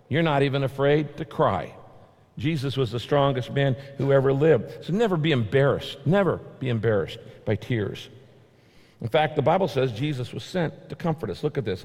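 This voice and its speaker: A man preaching with earnest conviction, circling back to the same short phrases and sinking his voice to land each point. His voice sits at an ordinary middle pitch, and a long reverb trails behind every line, as in a large hall. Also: darkish tone. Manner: earnest preaching, repeating key phrases, drops low to stress points. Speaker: pastor. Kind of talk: sermon.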